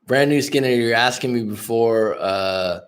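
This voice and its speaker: A man's voice: medium pitch, unhurried. A talkative, outgoing young American man from California, telling stories casually to a livestream chat. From California, Bay Area. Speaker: life coach hosting a livestream. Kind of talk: casual storytelling to live chat.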